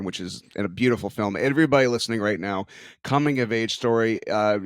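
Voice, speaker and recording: A man's voice: lowish voice, no room sound, studio quality. A man in his forties co-hosting a podcast, chatting with enthusiasm and telling long stories. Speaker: podcast co-host. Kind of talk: casual podcast chat.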